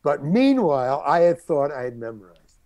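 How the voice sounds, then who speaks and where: Here an older character actor, voice on the high side and pace normal, shares a career story in a casual interview without any room sound. His telling is animated, and he acts out what others said.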